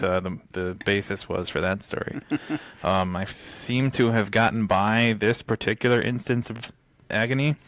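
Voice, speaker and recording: A man's voice: fairly low pitch, fairly bright tone, dry recording. A man co-hosting a podcast in casual chat, rambling and chuckling often between thoughts. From United States. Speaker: podcast co-host.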